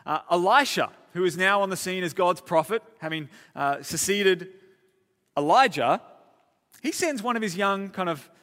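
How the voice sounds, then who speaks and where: Male pastor, fairly high, bright, casual storytelling sermon, big hall reverb. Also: normal speed. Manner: lively storytelling, casual asides, frequent repeats. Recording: long church-hall reverb.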